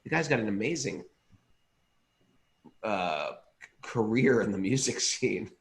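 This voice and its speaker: Excitable New man rambling. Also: fairly low pitch, unhurried, gravelly. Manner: enthusiastic, rambling, self-interrupting. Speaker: podcast co-host. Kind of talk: casual chat.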